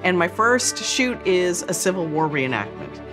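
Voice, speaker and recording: A woman's voice: fairly low pitch, unhurried, music in the background. A woman telling a comic anecdote about her first job, acting out the people in it. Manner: lively, acts out quotes in voices. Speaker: storyteller.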